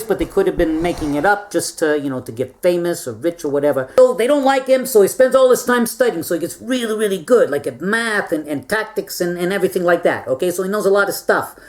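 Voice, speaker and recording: A woman's voice: mid-range voice, mellow. A woman giving a rambling, comic history lesson to stuffed animals, tagging her lines with "all right?" and repeating words as she goes. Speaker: presenter teaching stuffed animals.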